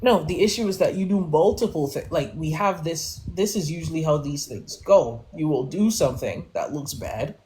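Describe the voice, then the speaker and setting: A man's voice: a little high, normal speed, few pauses, a little mellow. A man on a live panel, defending himself in an exasperated way with casual slang. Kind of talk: heated live panel argument.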